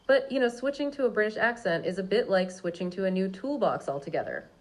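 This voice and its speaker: A woman's voice: mid-range voice, lively intonation, fast, rough recording. A woman co-hosting an upbeat podcast chat, reassuring and affirming in tone. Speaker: podcast co-host.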